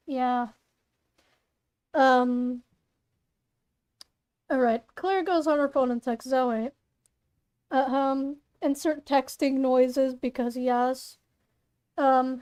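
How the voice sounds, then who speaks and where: Reading her own fan fiction in her bedroom, this woman speaks slowly with long pauses, her high voice dark, clear and resonant. A voice actor, she keeps things casual and playful, wandering into asides and fixing her words as she goes.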